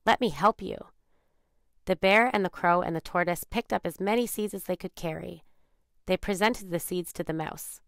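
Low gravelly woman reading a children's story. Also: dry recording, clean studio sound. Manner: calm, measured. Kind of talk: children's read-aloud narration.

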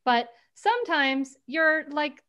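Lively woman chatting on a video call. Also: sits high, slow. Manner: lively, animated storyteller, laughs often. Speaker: author and parenting guest. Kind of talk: casual video call interview.

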